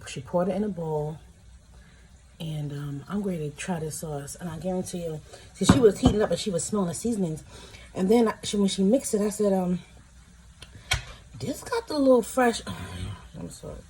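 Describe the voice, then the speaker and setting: Woman vlogger, low-ish voice, chatty and excitable, home tasting video with faint background hiss. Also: normal speed, poor audio. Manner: chatty and emotional, exclaiming over food. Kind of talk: casual food-tasting vlog. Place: home, in pajamas.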